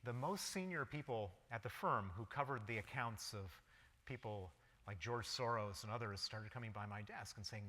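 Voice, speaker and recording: With a fairly low pitch, moderate pace, and a pushed, bright sound, a man gives a public lecture as a guest speaker. He narrates a personal story vividly in the present tense, and the lecture hall lends a long reverb.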